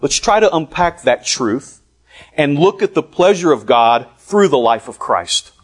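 Slow, high-voiced male preacher. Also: very animated. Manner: deliberate, emphatic preaching with long pauses. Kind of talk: sermon.

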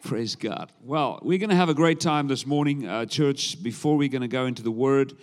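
A South African man preaches as a guest speaker in a mid-range voice, and the hall rings with long reverb around him. He begins unhurried and humorous before he moves into the message. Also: medium pitch. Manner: warm-up banter, humorous, unhurried. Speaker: visiting preacher. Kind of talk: sermon.

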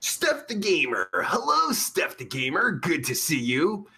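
A man's voice: huge pitch swings, measured pace, vocal fry, sharp tone, exaggerated voice. A man playing a crude sleazy pimp with a sore throat. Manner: vulgar, rambling, swings pitch up and down. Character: crude sleazy adult male pimp, rude and boastful. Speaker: live-stream comedy host in character. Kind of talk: improvised live-chat comedy rant.

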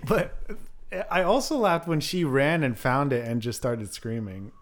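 A man co-hosting a casual podcast about a horror film, relaxed and joking, often laughing as he speaks. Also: mid-range voice, unhurried. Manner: laid-back, laughs while talking, joking asides. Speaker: podcast co-host. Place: recording with a co-host.

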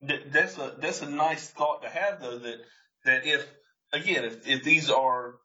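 A man's voice: medium pitch, a little slow, sharp tone, distant mic, dull audio. A man hosting a casual chat, laughing easily and restarting his sentences as he responds.

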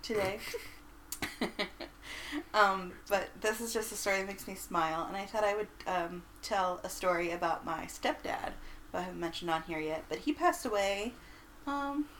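A woman's voice: mid-range voice, normal speed, fairly bright tone, slight background noise, poor audio. A woman co-hosting a podcast, telling a story in an easygoing, giggly way. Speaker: podcast co-host. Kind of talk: casual storytelling.

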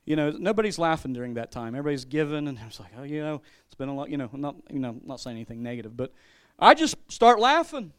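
A man's voice: mid-range voice, rapid-fire, hardly any pauses, darkish tone, clean tone. A man pastor giving a sermon with a personal testimony, talking in a loose, conversational way and often repeating his words. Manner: conversational, repeats words, laughs, acts out quotes.

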